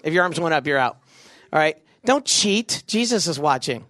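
A young man leading a big youth crowd through a game, joking and doing quick silly voices. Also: on the high side, animated, fairly bright tone, dry recording, studio quality. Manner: goofy, quick asides, acts out voices. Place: event venue with a live audience.

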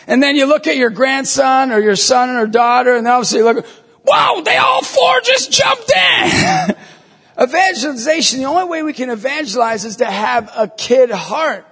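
High, gravelly man in a reverberant hall. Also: a little fast, hardly any pauses. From New York State. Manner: animated, jokey, acts out voices and quotes. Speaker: Catholic lay minister. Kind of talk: humorous talk to a live audience.

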